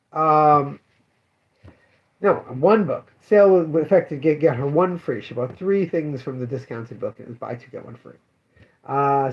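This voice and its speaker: A man's voice: on the high side, lo-fi sound. A man who runs a comic shop, telling customer stories in a casual, rambling way with many fillers and self-corrections. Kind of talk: casual spoken daily update.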